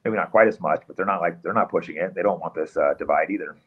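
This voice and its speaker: A man with a very deep, husky voice rattles along quickly and agreeably, leaning on fillers like "you know." His sound is dull and lo-fi, as though he joined over a remote line. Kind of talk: casual political chat.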